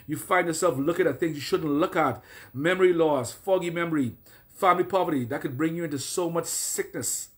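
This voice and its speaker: A man's voice: on the high side, brisk. A man preaching a deliverance sermon as a prophet, listing troubles in repeated phrases and then commanding prayers. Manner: repetitive, declaring and commanding prayers.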